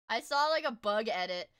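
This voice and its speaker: A young woman streaming, chatting casually as she reacts to videos, swearing freely and breaking into loud shrieks. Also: mid-range voice.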